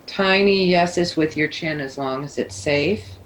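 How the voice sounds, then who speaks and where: Woman yoga teacher, low voice, takes her time, calm soothing cues, bit of faint hiss. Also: rough recording. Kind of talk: guided yoga instruction.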